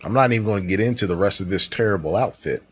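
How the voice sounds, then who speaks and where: A man's voice: deep voice, rapid-fire, slightly rough. A man doing reaction commentary, sarcastic and exasperated, swearing freely as he pushes back on a streamer's clips. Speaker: commentary host.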